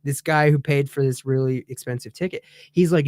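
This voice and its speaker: A man telling a story in a casual chat show, animated and heated, laughing as he goes. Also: medium pitch, a little fast, no room sound, studio quality. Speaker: guest on a talk show.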